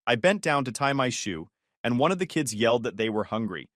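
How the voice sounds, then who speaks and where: A man telling a first-person story with dry, sarcastic bite. His pitch moves in a lively, animated way, and the recording is close and dry with no room sound. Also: brisk, no echo.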